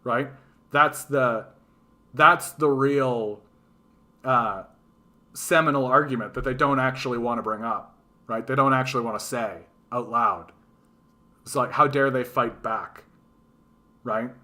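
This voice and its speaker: Profane, bright-voiced ranting man. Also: mid-range voice, a little slow, pauses often. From Canada. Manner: profane, animated, mocking quoted voices. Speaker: livestream host. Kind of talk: casual ranting monologue.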